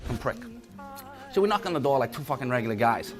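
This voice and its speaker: An actor playing a profane tough crook telling a chase story in a film scene. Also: male voice, mid-range voice, lively intonation, fast talker, soft background music, natural voice. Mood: boastful.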